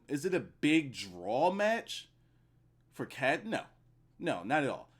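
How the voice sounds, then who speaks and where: A man giving a casual, profane, rambling solo review of a wrestling show at his computer. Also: medium pitch.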